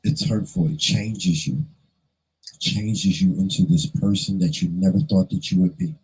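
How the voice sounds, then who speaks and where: A man's voice: low voice, steady tone, normal speed, darkish tone, slightly rough, poor audio. A man vlogger telling a personal story in an earnest, emotional way, fighting back tears and repeating phrases for emphasis.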